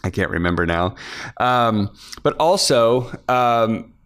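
A man's voice: medium pitch, animated, slow pace, a bit bright, smooth. A man from Kansas, an author hosting his podcast, chatting casually behind the scenes with lots of fillers and restarts. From Kansas, USA. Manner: rambling, many fillers and restarts.

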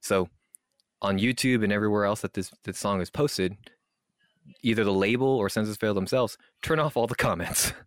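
A man's voice: fairly low pitch, moderate pace, dry recording, studio quality. A man co-hosting a podcast, rambling casually with lots of fillers and restarts. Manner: rambling, filler-heavy, mock-formal when reading aloud. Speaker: podcast co-host.

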